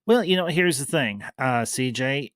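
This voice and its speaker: A man's voice: medium pitch, animated, measured pace, fairly bright tone, no room sound. A man hosting a live-stream review, chatting loosely with fillers and greeting viewers in the chat. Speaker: livestream host reviewing a series.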